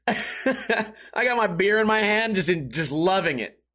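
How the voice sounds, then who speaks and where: A man's voice: high-pitched, expressive, slow, a bit bright. A man telling a casual story in a rambling, profane way, often laughing as he talks.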